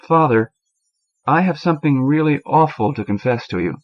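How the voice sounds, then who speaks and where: A man's voice: mid-range voice, animated, normal speed, voice pushed up, lightly acted. A man voicing an earnest, apologetic young man at confession. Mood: sheepish. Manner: apologetic, pleading, eager to please. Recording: dull lo-fi cassette audio.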